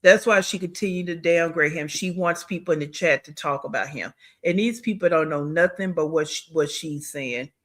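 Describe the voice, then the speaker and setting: A man's voice: on the high side, normal speed, few pauses, fairly bright tone. A man hosting a reaction video, giving blunt, scornful commentary on a clip he is watching.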